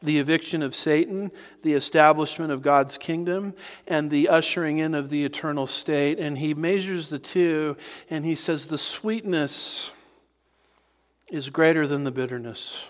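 A man preaching a sermon as a pastor, earnest and emphatic, with dramatic pauses. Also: fairly high pitch. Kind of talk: expository sermon. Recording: reverberant hall.

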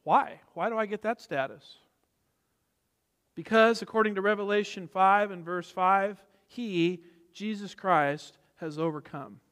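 A man preaching a sermon, emphatic, moving between loud stressed phrases and quiet asides. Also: high voice, a little slow, smooth. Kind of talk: expository sermon. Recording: long hall reverb.

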